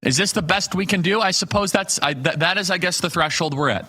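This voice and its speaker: A man's voice: high voice, a little fast, bright, forceful tone, slightly rough. A man hosting a live political talk show, delivering emphatic commentary built on rhetorical questions and punchy lists.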